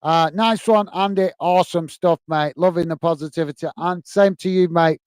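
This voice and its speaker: A man's voice: on the high side, fairly even intonation, normal speed, a little mellow, smooth, no echo. A tired man hosting a football live stream, reading viewer comments and signing off friendly with lots of fillers. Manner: friendly, repetitive sign-offs, many fillers. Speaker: football channel host.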